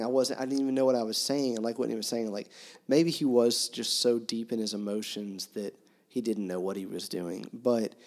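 A man discussing a novel in casual conversation, reading passages aloud with dramatic emphasis. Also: mid-range voice. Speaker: book discussion co-host.

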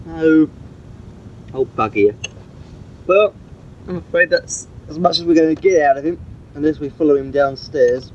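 A man's voice: fairly high pitch, very animated, unhurried, long pauses. A man recording a rambling, chatty cassette tape message, full of fillers. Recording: muffled old cassette tape with hiss.

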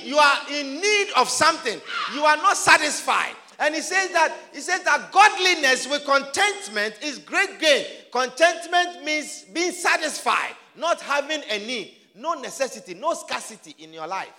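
A man preaching a sermon to his congregation, emphatic and often shouting, repeating his phrases for force. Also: extremely high pitch, in a large hall.

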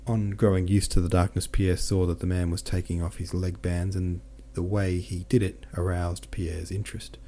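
A man reads a classic novel aloud as an audiobook narrator. His voice is low and mellow, and his delivery is steady and measured. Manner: steady, measured reading with small self-corrections.

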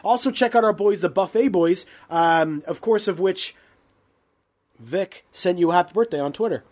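A man's voice: high voice, moderate pace, a little mellow. A man co-hosting a podcast in brash, sweary, playful casual banter. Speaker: podcast co-host.

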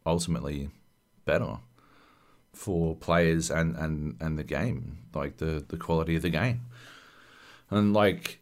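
A man's voice: very deep voice, measured pace, long pauses. A man co-hosting a podcast, giving blunt, sardonic opinions in casual chat with frequent swearing. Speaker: podcast co-host.

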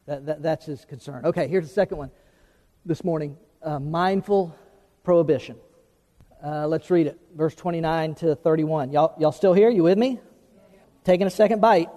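A man preaching a sermon, animated and folksy, often repeating words as he teaches. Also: on the high side, normal speed. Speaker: pastor. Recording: long hall reverb.

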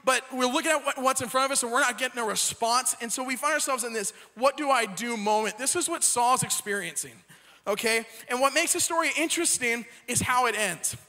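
A young preacher tells the story in a chatty, joking way and keeps tossing in "right?" to the crowd. His voice is very high and bright. A long hall reverb trails after every phrase. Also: a little fast. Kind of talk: casual sermon storytelling.

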